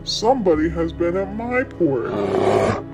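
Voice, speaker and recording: A woman's voice: fairly low pitch, sing-song, measured pace, vocal fry, loud music behind the voice, pitched below the performer's own voice, heavily acted. A woman voicing a middle-sized male bear in a storybook reading. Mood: indignant.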